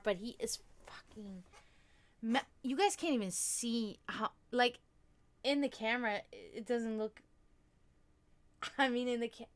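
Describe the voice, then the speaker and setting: Woman, high voice, casual livestream host, chatty and giggly. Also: fairly bright tone. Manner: chatty, laughs often, thanks viewers.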